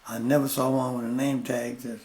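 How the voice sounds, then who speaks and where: An older man, a plainspoken interview guest telling stories slowly and repeating his points. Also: mid-range voice, little pitch movement, a little mellow. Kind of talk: storytelling in casual conversation.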